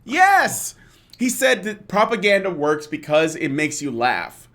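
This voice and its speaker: A man's voice: sits high, very animated, unhurried, a bit bright. A male podcast host in a heated casual rant, swearing often, exasperated, stumbling through fillers and restarts.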